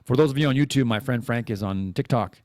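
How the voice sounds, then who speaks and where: A man hosting a live-streamed podcast, talking in a rambling, animated way, restarting and repeating words as he thinks aloud. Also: medium pitch, quick pace, no room sound, clean studio sound. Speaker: podcast host. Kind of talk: casual live-streamed monologue.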